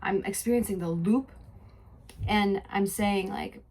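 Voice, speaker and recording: A young adult woman hosting a podcast, telling a personal story in a soft, introspective voice that moves between spoken narration and casual chat. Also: mid-range voice, a little slow, husky. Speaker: podcast host.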